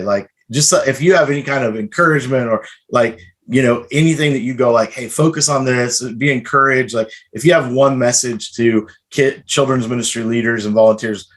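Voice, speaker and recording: Male podcast host, mid-pitched, chatty and casual, loose fillers. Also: fairly bright tone. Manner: chatty, restarts with many fillers. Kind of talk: casual interview chat.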